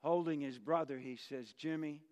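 Male pastor, slow dramatic sermon; gravelly, long church reverb. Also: on the high side, animated. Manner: dramatic swings between loud emphasis and near-whispers. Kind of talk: sermon with storytelling.

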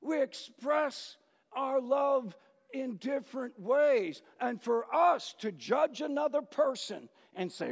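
A man preaching a sermon as pastor, talking to the congregation in a conversational, animated way and acting out quotes. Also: very high-pitched, slow pace, creaky, breathy edge. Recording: echoey hall, dull lo-fi sound.

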